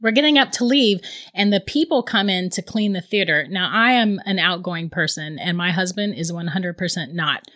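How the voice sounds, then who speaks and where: A woman in her thirties telling a ghost story in casual chat, animated and laughing often. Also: lowish voice, moderate pace.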